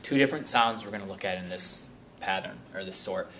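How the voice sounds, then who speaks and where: Man teaching spelling, slow and deliberate. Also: deep voice, a bit bright, slight background noise. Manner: slow, deliberate word-by-word enunciation. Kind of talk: spelling lesson.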